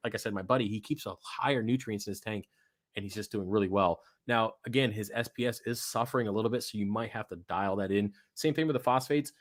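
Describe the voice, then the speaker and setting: A man's voice: on the low side, no echo, studio quality. A young adult man hosting a live aquarium Q&A, chatting casually and bluntly with some swearing, his voice worn from talking. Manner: blunt, profane, rambling, self-mocking. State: losing his voice. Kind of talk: casual live-stream chat.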